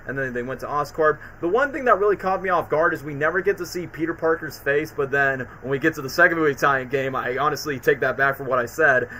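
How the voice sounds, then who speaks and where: Bright-voiced man rambling on a stream. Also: fairly high pitch, slight background noise, rough recording. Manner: rambling, heavy on fillers and restarts. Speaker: streamer host. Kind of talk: casual live-stream commentary.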